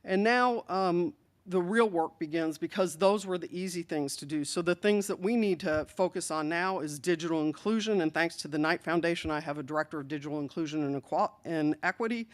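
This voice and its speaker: A woman city official giving an earnest, deliberate speech at an evening panel event, stressing key words. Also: lowish voice.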